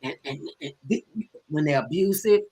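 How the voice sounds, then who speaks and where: An older woman hosting a talk show, telling stories in blunt, animated casual chat and acting out quotes. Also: low-pitched, normal speed.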